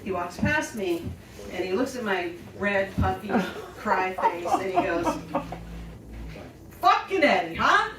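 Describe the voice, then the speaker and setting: A woman's voice: medium pitch, unhurried, a crowd in the background. An older woman telling a personal story on stage in a chatty, self-deprecating way, often laughing. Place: small storytelling venue stage. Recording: roomy live stage sound, distant and noisy.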